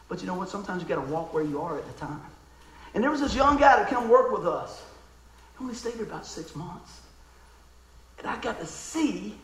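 A man preaching with a fervent, folksy manner that keeps calling for an amen. His voice sits high for a man. It rings out through a roomy, echoing sanctuary. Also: fairly bright tone. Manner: fervent, folksy, calls for amens. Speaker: pastor. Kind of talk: sermon.

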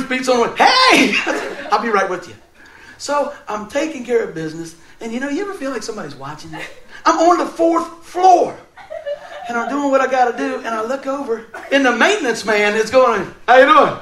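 A man's voice: very high voice, roomy sound. A man preaching a sermon, telling a funny personal story and laughing often as he goes. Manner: animated, laughing through funny stories. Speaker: pastor.

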